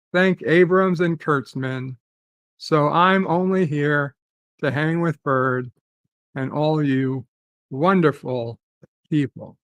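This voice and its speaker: A man hosting a casual live stream, reading viewer comments aloud and musing in halting, repeated phrases with lots of fillers. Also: fairly high pitch, fairly bright tone, no echo. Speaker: host reading chat.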